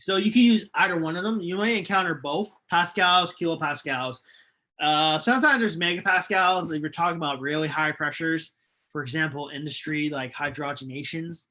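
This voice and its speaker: A male chemistry lecturer giving a recorded online lecture, unhurried and hesitant, with many ums and restarts. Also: on the high side, pushed and bright. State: losing his voice, coughing.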